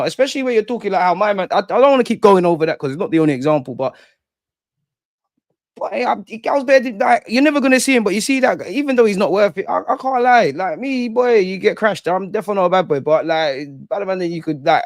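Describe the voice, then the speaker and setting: Young london guy on a live stream, slangy and animated, bit high voice, dry close mic. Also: no echo. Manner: animated, slangy, reads out viewer comments. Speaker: livestream host. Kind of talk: casual live chat.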